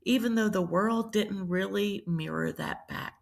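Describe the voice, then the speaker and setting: Gravelly woman telling her story. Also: mid-range voice, a little slow. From Charleston, South Carolina. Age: middle-aged. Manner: reflective, many ums and restarts. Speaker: priest and nurse, guest. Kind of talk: personal storytelling in a podcast interview.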